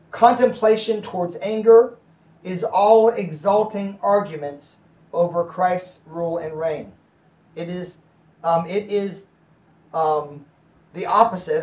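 A man's voice: sits high, takes it slowly, a little mellow, reverberant, distant mic. A man preaching as a pastor, explaining scripture in a conversational way and checking in with his listeners. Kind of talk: Bible teaching.

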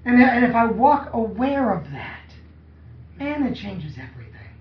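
A man's voice: extremely high pitch, very animated, unhurried. A man preaching a sermon to a congregation, often asking them questions that draw replies. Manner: call-and-response, asks the congregation questions. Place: church hall. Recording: echoey, dull, from far off.

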